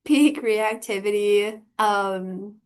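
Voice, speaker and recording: Slow-talking giggly woman commentator. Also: mid-range voice, smooth. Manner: giggly, amused, relaxed reactions. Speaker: personality typing channel host. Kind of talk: casual commentary on a clip.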